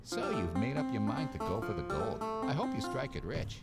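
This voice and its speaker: A man's voice: fairly low pitch, sing-song, normal speed, vocal fry, loud music behind the voice. A man voicing a friendly, folksy stable hand in a video game who chats and encourages. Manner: chatty, encouraging.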